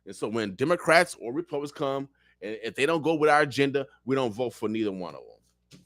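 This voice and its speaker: A man's voice: medium pitch, expressive, a little fast, a bit bright, no room sound, clean studio sound. A man speaking as a radio show guest, talking politics in a fiery, preacher-like way and repeating phrases for emphasis. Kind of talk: impassioned political talk. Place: radio studio.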